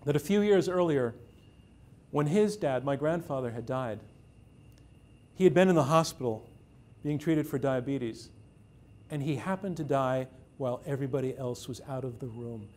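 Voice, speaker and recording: A man, a journalist, telling a true first-person story on stage with measured pacing, dramatic pauses and dry irony. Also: medium pitch, lively intonation, a little mellow.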